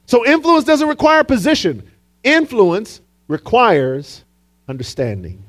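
In a very high, sing-song voice with a fairly bright tone and a measured pace, a male pastor preaches a sermon. He tells a story dramatically, acts out the quotes, and calls on the congregation to respond.

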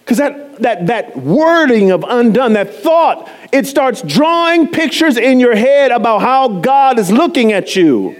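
A man preaching a sermon, animated and chatty, often laughing and poking fun at himself as he talks to the congregation. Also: extremely high pitch, measured pace, few pauses. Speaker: pastor.

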